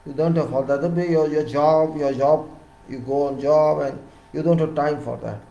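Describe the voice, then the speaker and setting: A man with an Indian English accent giving a lecture-style talk on civil engineering, emphatic and repeating words, his voice rising loud and dropping soft. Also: on the high side, steady tone, normal speed, creaky, echoey room, muffled recording.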